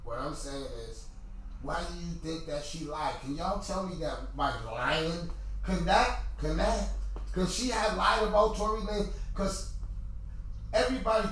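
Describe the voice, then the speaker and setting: This podcast host is a high-pitched man talking casually to viewers, giving his opinions in an animated, repetitive way that climbs to shouting when he gets worked up. He sounds distant from the mic in a heavily echoing room, with slight background noise.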